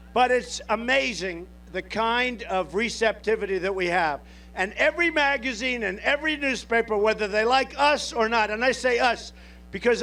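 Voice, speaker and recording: High-pitched man giving a boastful rally speech. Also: bright, forceful tone, slight background noise. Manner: boastful, repetitive, off-the-cuff crowd oratory. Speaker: presidential candidate at a rally. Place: outdoor airport rally.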